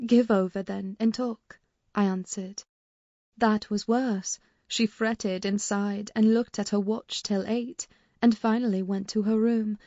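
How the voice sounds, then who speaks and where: A woman narrates a classic novel in the first person with a mellow, warm tone and measured, expressive delivery. She leans into the dialogue when characters speak. The sound is dry and a bit dull, a lo-fi close studio read. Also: mid-range voice, dry recording. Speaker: audiobook narrator.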